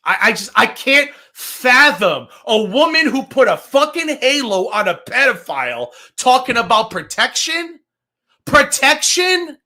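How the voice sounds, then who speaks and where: A woman's voice: fairly high pitch, sing-song, normal speed, hardly any pauses, pushed and bright. A woman co-hosting a livestream, ranting angrily with heavy swearing and emphatic repetition. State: angry and fired up. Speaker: streamer co-host. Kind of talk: heated livestream rant.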